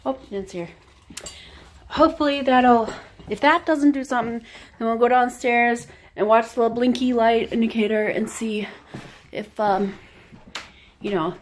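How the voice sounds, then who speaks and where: A woman's voice: measured pace, long pauses, slight background noise. Chatty woman vlogging around her house. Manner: chatty, talks to her pets in a high baby voice. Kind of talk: casual home vlog. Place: house, indoors.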